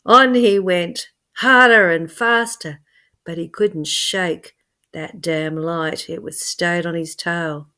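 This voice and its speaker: A woman telling a scary story in an expressive way, swinging from hushed to loud. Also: on the low side, slow. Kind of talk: dramatic spoken storytelling.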